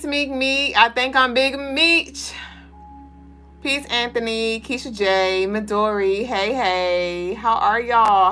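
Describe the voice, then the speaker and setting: A woman's voice: fairly high pitch, pushed and bright. A young woman hosting a spiritual livestream, reading out viewer comments and greeting people by name in loose, playful chat, swearing freely and laughing often.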